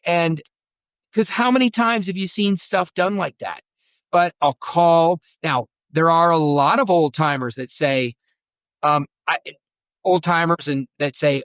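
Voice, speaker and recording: Higher-voiced man telling hunting stories. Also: measured pace, dry recording, dull audio. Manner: animated, rambling, acts out quotes. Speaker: guest turkey hunting expert. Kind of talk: storytelling conversation.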